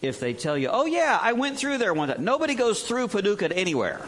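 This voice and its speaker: A man's voice: high voice, sing-song, fast talker, fairly bright tone. A man in his sixties preaching a folksy, humorous sermon as a missionary, full of rhetorical questions.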